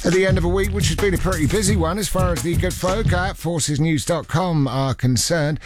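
A man's voice: on the high side, a little fast, over loud music. A man presenting a radio show, chatting between songs with wry, jokey asides. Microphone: studio mic.

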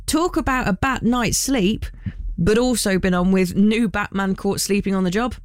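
A woman's voice: mid-range voice, normal speed, no room sound, clean studio sound. A woman co-hosting a breakfast radio show, reading listener entries with easy laughter and playful banter. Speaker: radio co-host. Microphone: studio radio mic.

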